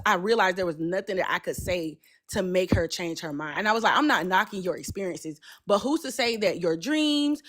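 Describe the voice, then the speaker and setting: Animated woman telling a story. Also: lowish voice. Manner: animated, acts out both sides of a conversation; passionate and loud by her own account. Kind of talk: casual storytelling chat.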